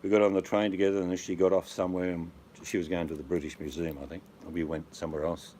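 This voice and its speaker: A rambling, joking man with a very deep voice tells travel stories in a relaxed chat. A faint hiss sits under the recording. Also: fast. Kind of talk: casual chat.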